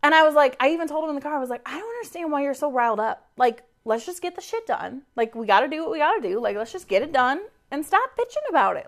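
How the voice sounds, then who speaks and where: A woman's voice: sits high, quick pace, few pauses. A woman co-hosting a podcast, telling a story in casual chat, exasperated, swearing freely and acting out quoted lines. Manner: animated, acts out quoted dialogue, swears freely; exasperated venting. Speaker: podcast co-host.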